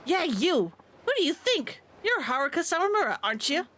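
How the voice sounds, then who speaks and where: A woman's voice: extremely high pitch, big pitch swings, brisk, pushed and bright, slight background noise, voice pushed up, full character voice. A woman voicing a haughty, boastful young female rival idol in a snide, bossy way, reading game dialogue aloud on a stream. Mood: scornful.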